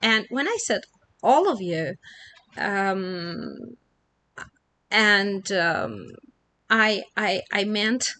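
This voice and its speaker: Chatty woman teacher, bright slow voice. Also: mid-range voice, big pitch swings. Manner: chatty, repeats herself, many fillers. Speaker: English teacher. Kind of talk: casual teaching monologue.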